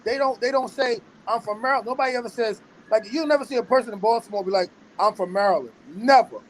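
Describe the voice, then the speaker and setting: This is a high-voiced man holding forth in loose podcast chat, circling back over his own phrases. A faint hum of room ambience sits behind him. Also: fast, rough recording. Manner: rambling, repeats and restarts phrases. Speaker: podcast host. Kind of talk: casual chat.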